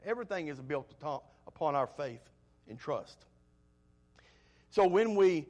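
A man preaching a sermon, telling homespun stories in a folksy way and swinging between loud emphasis and soft asides. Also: fairly high pitch, animated, unhurried, pauses often.

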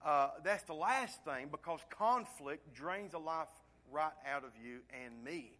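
A pastor preaching with earnest conviction, his voice sitting a little high for a man. He pushes key points out loudly, then drops into soft, hushed asides. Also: animated, unhurried. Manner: earnest preaching, swings between loud emphasis and hushed asides. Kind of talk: sermon.

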